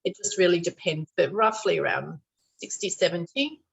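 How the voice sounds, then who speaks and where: A woman taking part in a video call meetup, answering in a measured, brief way. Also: on the low side, creaky, husky, poor audio. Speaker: meetup participant. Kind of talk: casual group video call.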